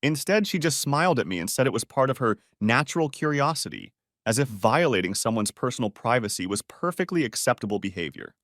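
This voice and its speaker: A man narrating a scripted first-person story in a steady, expressive way. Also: mid-range voice, a little fast, no room sound, studio quality.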